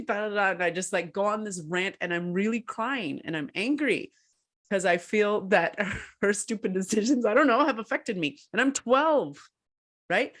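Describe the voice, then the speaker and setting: A woman co-hosting a podcast who tells her story in a casual way, animated and laughing often. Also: mid-range voice, normal speed. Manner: animated, laughs often, acts out quoted voices. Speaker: podcast co-host and researcher.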